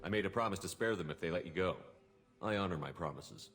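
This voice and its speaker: A calm male commander in a video game. His voice is deep and his delivery is quick and firm. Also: faint music behind. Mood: steady. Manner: firm, measured promises.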